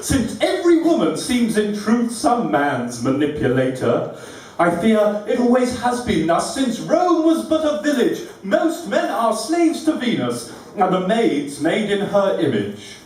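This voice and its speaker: A man performing his own rhyming poems at a live event, with a rhythmic, deliberate and witty delivery. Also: high voice, recorded from a distance. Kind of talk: rhyming poetry recitation. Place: live venue room. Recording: very echoey room, recorded from afar.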